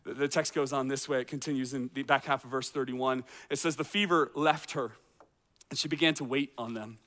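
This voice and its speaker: A man's voice: medium pitch, steady tone, a little fast, fairly bright tone. A man, a teaching pastor, preaching a sermon in a conversational way, full of rhetorical questions and acted-out reactions. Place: outdoor courtyard.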